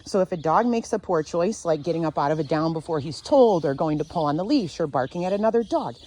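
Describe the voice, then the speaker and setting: A woman dog trainer teaching outdoors, calm and sure as she explains leash handling. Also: fairly low pitch, fast. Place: outdoors near a fenced dog area.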